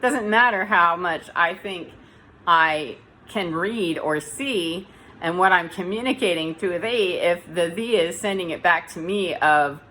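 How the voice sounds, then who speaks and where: Chatty woman with a bright voice. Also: medium pitch, expressive, unhurried, low-quality recording. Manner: rambling, self-correcting, chatty. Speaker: vlogger. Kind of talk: casual monologue to camera. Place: dim room.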